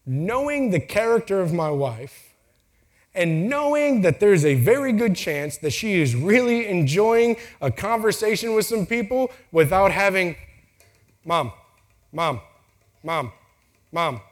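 A man's voice: high voice, expressive, a little slow. A man in his thirties giving a casual talk to an audience, joking and acting out quotes in family stories. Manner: joking, storytelling, acts out quotes. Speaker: speaker. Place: venue with a timer for speakers.

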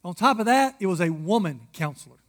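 A man's voice: sits high, expressive, fairly quick, a bit bright. A man preaching a sermon, candid and personal, speaking directly to the congregation. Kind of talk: sermon to a men's audience.

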